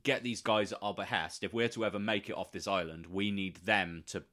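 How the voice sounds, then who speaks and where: A man playing a tabletop game who reasons out loud and swears casually. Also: on the low side, fairly even intonation, fairly quick. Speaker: player.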